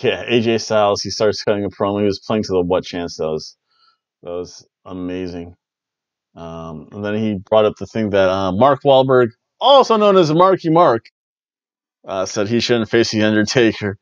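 A man recaps matches in a casual wrestling review, rambling, joking, and repeating catchphrases. His lowish voice is animated and moves at a normal speed, and the audio is dull with no room sound.

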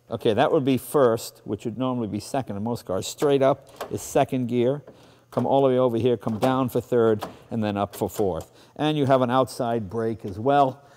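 A man's voice: mid-range voice, a little mellow. A man with a Boston accent, host of a car show, casually and enthusiastically walking through a classic car in a garage. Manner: enthusiastic, chatty, self-deprecating. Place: garage, then outdoors.

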